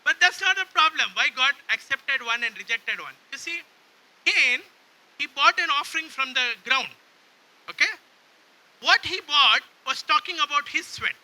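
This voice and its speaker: A man's voice: very high voice, lively intonation, moderate pace, pushed and bright. A man preaching a sermon, drawing call-and-response from the congregation and repeatedly asking if they understand. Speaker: pastor.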